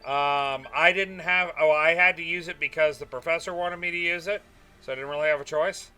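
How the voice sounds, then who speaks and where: A man's voice: on the high side, fairly even intonation, a little fast, bright, forceful tone, smooth, faint music behind. A young man streaming a space game, chatting casually with his viewers and often trailing off into "uh" and "um". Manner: chatty, answers chat, trails off with fillers. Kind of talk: casual gaming stream chat.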